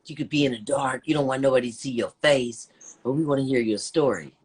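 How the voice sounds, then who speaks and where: A woman's voice: extremely low pitch, quick pace, darkish tone, slightly rough. Brash profane woman telling stories. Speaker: podcast guest. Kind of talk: casual storytelling chat.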